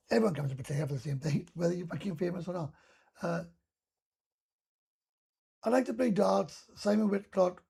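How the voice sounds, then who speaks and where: A man's voice: fairly high pitch, vocal fry, mellow, husky. A Welsh man from Wales doing a casual live stream chat, rambling and ranting with heavy swearing.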